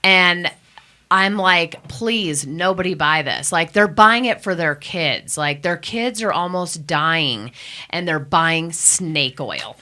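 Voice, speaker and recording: Speaking slowly in a low, expressive voice with a pushed, bright quality, the owner of a cannabis testing lab appears on a radio talk show. She sounds emphatic and indignant, and she acts out quoted voices as she recounts events in the studio.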